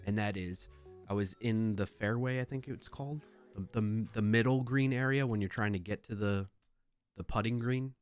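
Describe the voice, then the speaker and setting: Brief: chatty man in his thirties, lowish voice, rambling livestream anecdote, soft music under him. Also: normal speed, clear, resonant tone, no room sound. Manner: chatty and rambling, with fillers and restarts. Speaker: livestream host. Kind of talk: casual storytelling. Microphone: desk mic at a livestream.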